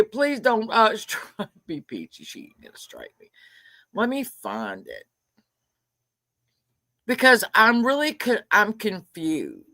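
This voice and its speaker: A woman's voice: lowish voice, bright, forceful tone, dry recording. A middle-aged woman hosting a casual livestream from her carport, chatting, greeting viewers and ranting with frequent swearing. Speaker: livestream host. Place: home carport.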